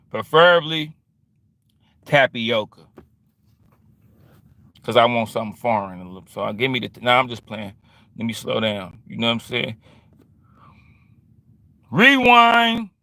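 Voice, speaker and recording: In a bright, pushed, mid-range voice with no echo, a male vlogger runs through a loose, casual monologue. It's streetwise and packed with slang, and he keeps wandering into quoting others.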